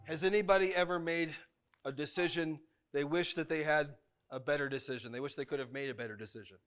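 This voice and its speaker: A man's voice: on the high side, fast, fairly bright tone, faint music behind. A man, a chaplain talking to couples in a workshop in a plainspoken, folksy way.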